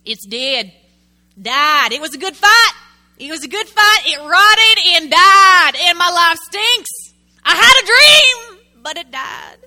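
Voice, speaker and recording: A woman preacher voicing a melodramatic person who moans about a dream that died, in a whiny, drawn-out way. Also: very high-pitched, lively intonation, sharp tone, big-room sound, voice pushed up, exaggerated voice. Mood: self-pitying. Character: self-pitying person moaning over a dead dream.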